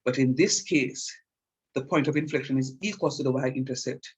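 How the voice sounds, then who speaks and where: A man's voice: mid-range voice, normal speed, slightly rough, lo-fi sound. A middle-aged man teaching a calculus lecture, repeating key points with emphasis and checking that students follow. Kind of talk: classroom math lecture.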